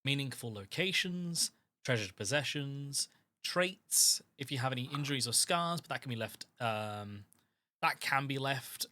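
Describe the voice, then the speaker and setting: A man's voice: medium pitch, lively intonation, a little slow, pushed and bright, no echo. A man running a tabletop game as game master, explaining the rules in a hesitant way with lots of ums.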